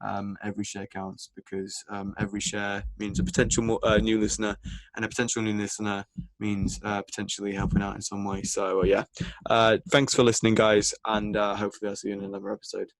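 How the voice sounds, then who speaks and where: A man's voice: fairly low pitch, level tone, quick pace, gravelly, no room sound. A young man from England hosting a casual podcast, rambling with lots of ums and laughs. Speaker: podcast host.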